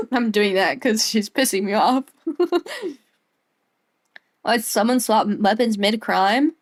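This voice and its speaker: A woman streaming a game in a casual, giggly way, chatting to viewers and to her dog. Her voice sits somewhat high. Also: lively intonation, takes it slowly, long pauses.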